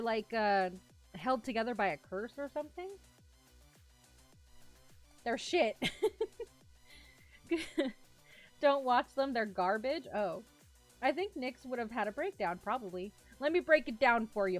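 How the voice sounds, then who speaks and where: Casting note: high-pitched young woman, giggly vtuber storyteller, faint music under her. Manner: giggly, animated, rambling storyteller. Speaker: vtuber streamer. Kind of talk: casual chat with live chat, telling a story.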